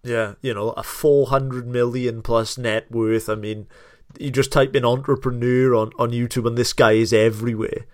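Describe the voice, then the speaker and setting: A man from South Wales with a Welsh accent, co-hosting a podcast and telling anecdotes in a lively, casual way. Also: mid-range voice, moderate pace, no echo, studio quality. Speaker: podcast co-host. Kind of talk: casual chat.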